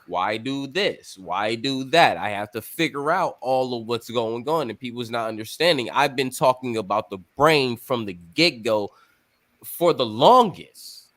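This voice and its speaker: Slow-talking man hosting a chat. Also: medium pitch, lively intonation, a bit bright. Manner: rambling, emphatic, swears freely. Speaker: podcast host. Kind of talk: casual chat.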